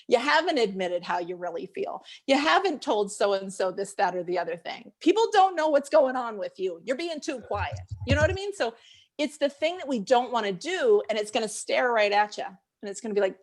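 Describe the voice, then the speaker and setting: A woman life coach leading a live group session, talking in an animated, searching way and laughing often. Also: fairly high pitch.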